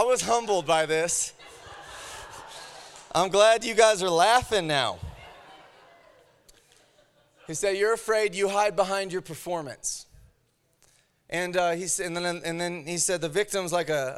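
A man preaching a sermon, telling a personal story with animated swings from shouts to hushed lines. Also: high voice, unhurried, long pauses, clear, resonant tone.

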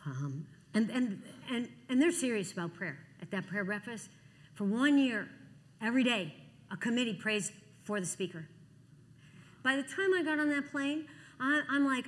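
Woman, sixties, testimony sermon, fairly high voice, lively storytelling, long reverb of a big hall. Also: moderate pace. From Cleveland. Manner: animated storytelling, acting out dialogue. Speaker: Christian speaker.

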